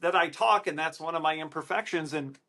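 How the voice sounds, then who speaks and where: A man with a Wisconsin accent talks in a high, bright, nasal voice that sounds a little congested. He delivers a motivational podcast monologue loudly and excitedly, hammering each point with emphasis from a hotel room. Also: brisk. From Wisconsin, USA. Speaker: podcast host.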